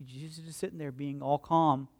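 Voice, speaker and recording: A pastor delivers a lively, conversational sermon, acting out the people in his stories. His voice sits high for a man, and he turns to ask his congregation questions as he goes. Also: fairly quick. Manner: animated storytelling, acts out voices and crowd quotes.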